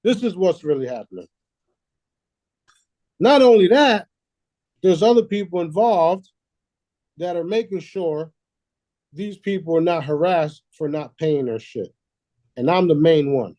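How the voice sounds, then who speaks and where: Boastful, preachy male host, cursing casually; fairly high voice, dry close sound. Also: animated, measured pace, pauses often, mellow, no room sound, dull audio. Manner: boastful, preachy, swears freely; laughs at his own lines. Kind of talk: casual conspiracy talk.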